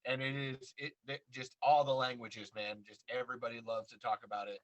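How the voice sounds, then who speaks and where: A young adult man hosting a relaxed interview, playful and quick to laugh. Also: mid-range voice, lo-fi sound. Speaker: podcast host. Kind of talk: casual interview chat.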